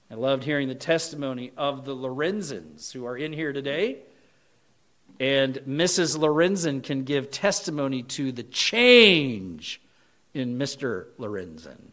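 A man preaching a sermon as pastor, swinging between loud, emphatic points and quiet, earnest appeals to his listeners. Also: mid-range voice.

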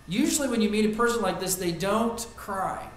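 A man preaching a sermon as pastor, earnest, rising to loud emphasis and dropping to quiet reflection. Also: sits high, lively intonation, moderate pace. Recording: echoey room with faint ambient noise.

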